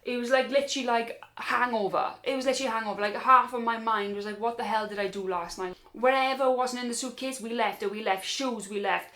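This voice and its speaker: A young woman, telling a personal story in a casual, animated way and acting out other people's lines. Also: fairly high pitch, quick pace, hardly any pauses. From Wales. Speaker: storyteller vlogger.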